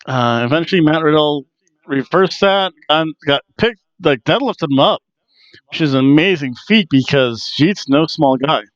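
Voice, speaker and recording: A man's voice: on the high side, animated, moderate pace, dry recording, highs cut off. A man hosting a wrestling review podcast, chatting casually in a rambling, self-deprecating way. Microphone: headphones on, desk mic.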